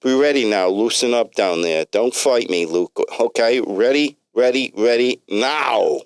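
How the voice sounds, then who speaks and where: A man's voice: mid-range voice, expressive, unhurried, clear, resonant tone, no room sound, voice pushed up. A man voicing a fussy, talkative male doctor with a heavy New York accent, stammering and restarting as he chatters. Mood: brisk. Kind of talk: comic storybook reading.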